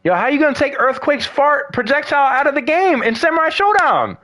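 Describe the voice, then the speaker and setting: High, bright-voiced man ranting profanely. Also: big pitch swings, a little fast. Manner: profane, exasperated ranting with slangy asides. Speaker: gaming vlogger. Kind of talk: ranting casual monologue.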